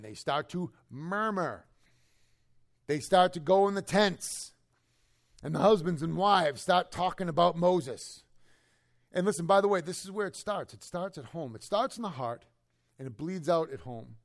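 A pastor preaching an expository sermon to his congregation in church, talking conversationally and swinging between loud, emphatic lines and hushed asides. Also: fairly high pitch. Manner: conversational, keeps checking in with the listeners.

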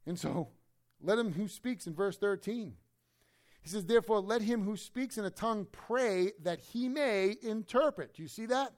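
A high-pitched man preaching a verse-by-verse sermon. He preaches with lively emphasis and jokes, then drops to low, quiet asides. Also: normal speed. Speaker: pastor. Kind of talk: expository sermon.

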